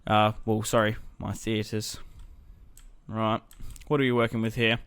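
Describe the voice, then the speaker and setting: A man's voice: lowish voice, flat delivery, a bit bright, clean tone, no room sound. A young man giving casual commentary over a strategy game, thinking aloud as he plans his moves. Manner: thinking aloud, musing and unhurried. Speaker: gaming video host.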